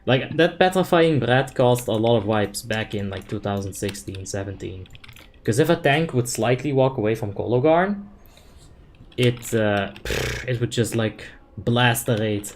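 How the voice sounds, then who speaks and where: A man's voice: mid-range voice, lively intonation, unhurried, slight background noise. A young man casually commenting on his gameplay, reading chat aloud and explaining tactics in a laid-back, filler-heavy way. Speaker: game streamer.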